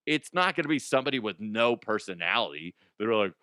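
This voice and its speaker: A man's voice: medium pitch, big pitch swings, fairly quick, pushed and bright, no echo, clean studio sound. A man hosting a comedy news show, rambling and profane, often dropping into silly put-on voices.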